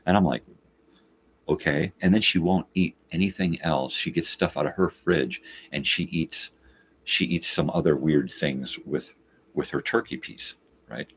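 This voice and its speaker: A man's voice: very deep voice, measured pace, breathy edge. A man hosting a live morning show, telling a story casually, swearing and exasperated, acting out both sides of what was said. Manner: animated, acts out both sides of the quoted talk.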